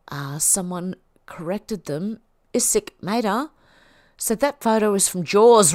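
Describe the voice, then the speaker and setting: A woman's voice: on the low side, fairly bright tone, dry recording, studio quality. A woman hosting a livestream, reading posts aloud and reacting in a chatty way. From Australia. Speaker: livestream host.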